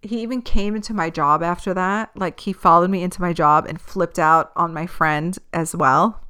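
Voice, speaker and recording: A woman's voice: lowish voice, normal speed, clear, resonant tone. A woman hosting a podcast, telling a personal story casually, with lots of swearing and laughter. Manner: animated, profane, laughs often. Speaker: podcast host.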